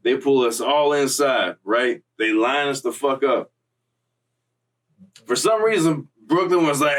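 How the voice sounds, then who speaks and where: A young man tells a story casually, in streetwise slang full of profanity and loose asides. His voice sits at a middle pitch. It is picked up from a little away from the mic. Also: lively intonation, a little slow, fairly bright tone, distant mic, rough recording.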